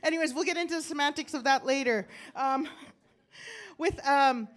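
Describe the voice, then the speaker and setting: Brief: older woman comic, higher-pitched voice, rambling self-mocking stand-up, coughing, handheld mic on stage. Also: moderate pace. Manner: rambling, self-deprecating, laughs at own jokes. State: coughing from bronchitis. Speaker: stand-up comedian. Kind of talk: stand-up comedy set. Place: comedy club stage.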